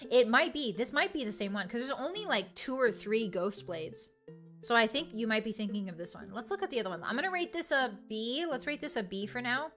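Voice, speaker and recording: Bright, playful young woman streamer. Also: on the high side, lively intonation, fairly quick, soft background music. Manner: playful, giggly and teasing. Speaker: virtual streamer. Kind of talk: casual live-stream chat, reading out chat.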